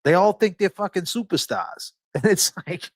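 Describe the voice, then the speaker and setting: A man's voice: sits high, lively intonation, moderate pace, no echo. A man hosting a livestream in casual talk. He is emphatic and profane, preaching and repeating his phrases for force. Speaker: livestream host.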